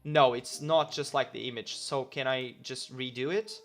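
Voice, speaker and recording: Casual male streamer, mid-pitched, thinking out loud while coding, quick to correct himself; low music bed. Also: fairly even intonation. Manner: talks himself through each step, reads instructions aloud, corrects himself often.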